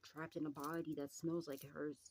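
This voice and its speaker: A woman's voice: deep voice, little pitch movement, normal speed, darkish tone, slight background noise, rough recording. A woman doing a casual psychic tarot reading, swearing freely, rambling and laughing often.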